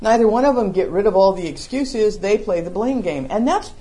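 A middle-aged woman teaching a Bible study to a small group, animated and acting out the voices of the scripture. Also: mid-range voice, a little fast. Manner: animated, acts out the scripture voices, laughs along.

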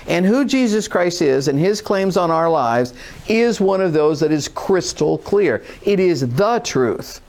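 A man teaching a conversational Bible lesson, informal and emphatic, repeating points for stress. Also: high-pitched. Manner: acts out a whiny skeptic voice at times.

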